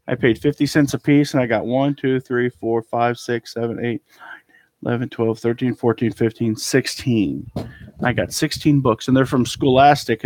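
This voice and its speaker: A man's voice: medium pitch, a little mellow, dry recording. Chatty man showing off his thrift haul. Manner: chatty, rambling, trails off with ums. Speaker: eBay reseller showing a haul. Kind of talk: casual live haul chat. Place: cluttered storage room indoors.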